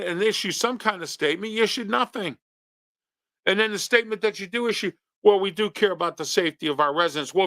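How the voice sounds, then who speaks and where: A man's voice: high-pitched, pushed and bright, dry recording, clean studio sound. A man hosting a local talk show, scolding his listeners with rhetorical questions in an opinion commentary.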